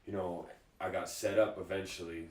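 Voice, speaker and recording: Casting: relaxed man, lowish voice, spinning yarns as a guest, recorded at a distance in a roomy space. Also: normal speed. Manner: laid-back, chuckling storyteller. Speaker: guest, fighter. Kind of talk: casual storytelling interview. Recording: echoey room, distant mic.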